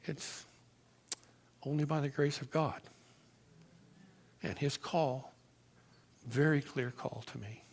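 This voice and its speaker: A man with a somewhat high voice telling his personal conversion testimony to a church congregation. He talks in an animated, storytelling way and grows emphatic on key points. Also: slow pace, vocal fry, pauses often.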